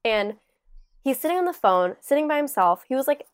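A young woman co-hosting a podcast, telling a story in a casual, animated way, full of "like" and acted-out quotes. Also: sits high, brisk, smooth. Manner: animated storyteller, lots of "like", acts out overheard lines. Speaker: podcast co-host. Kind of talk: casual chat.

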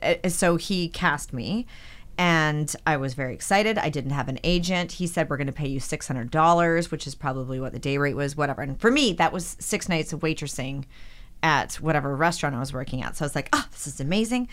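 A low-voiced actress in her forties, a guest on a podcast, talks a little fast as she shares lively anecdotes from her career in a relaxed interview. She slips into the quoted voices of the people in her stories as she goes.

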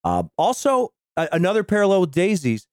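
Man in excited, profane film chat. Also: high voice, fairly quick, no room sound, studio quality. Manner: excited, profane retelling of scenes. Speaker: podcast co-host. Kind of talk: casual film discussion.

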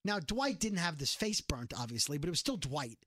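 A man's voice: a little high, sing-song, a little fast, bright, forceful tone, dry recording, studio quality. A man from Brooklyn with a New York accent, co-hosting a podcast in rambling, joking casual chat. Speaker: podcast co-host.

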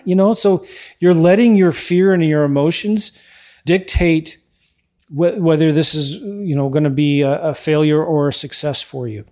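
A man hosting a podcast, giving emphatic motivational advice and often checking in with a quick "right?". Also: a little high, fairly even intonation, a little mellow. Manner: emphatic, repeats key points, frequent "right?" tags. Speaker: podcast host.

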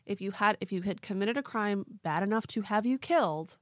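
A woman's voice: mid-range voice, expressive, fairly quick, dry recording, studio quality. A young woman co-hosting a true-crime podcast, telling the story in a casual way with lots of "like". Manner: casual, leans on "like" and "quote unquote". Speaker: podcast co-host.

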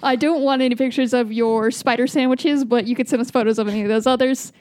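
A woman's voice: a little high, steady tone, fast, darkish tone. A woman hosting a podcast, chatting casually with friends and reading the show's outro, upbeat and swearing freely. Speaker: podcast host.

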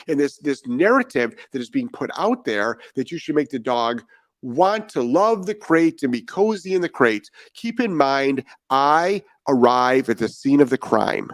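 A man's voice: medium pitch, lively intonation, normal speed, dry recording. A man talking as a dog trainer in a podcast monologue, blunt and profane and firing off rhetorical questions.

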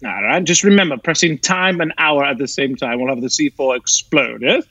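An improv actor playing a showy, overeager gadget designer who pitches his props like a salesman. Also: fairly quick, bright, forceful tone, breathy edge, no room sound, dull audio, heavily acted. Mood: dismissive. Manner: enthusiastic salesman patter.

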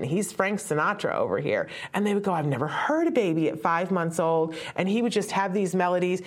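Woman in her 50s, author and parent, giving a live storytelling talk with asides, close to tears, lowish voice.

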